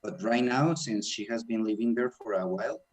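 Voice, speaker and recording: Relaxed man with a Latino accent. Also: on the low side, brisk. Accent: Latin American Spanish. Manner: relaxed, summarizes and translates for others. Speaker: co-host language teacher. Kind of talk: casual radio chat.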